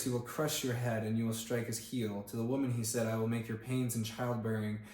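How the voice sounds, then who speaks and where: A man's voice: medium pitch, little pitch movement, fairly quick, hardly any pauses, a little mellow. Casual man reading scripture aloud in an echoey room. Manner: reads aloud with plain emphasis, stops to look up words and comment. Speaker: Bible reader and channel host. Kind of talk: casual Bible reading on camera. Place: indoor room, filmed on camera.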